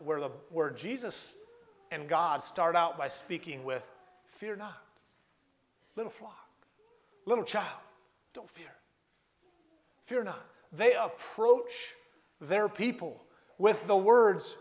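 A man preaching a sermon, earnest and repetitive, slowing down and repeating key phrases for emphasis. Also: high voice, expressive.

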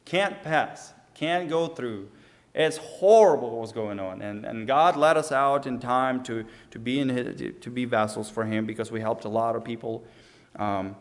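A young Ukrainian man with a medium-pitched voice speaks at normal speed, giving a personal testimony. He's earnest yet casual, restarts often, and acts out the quoted dialogue as he tells his story.

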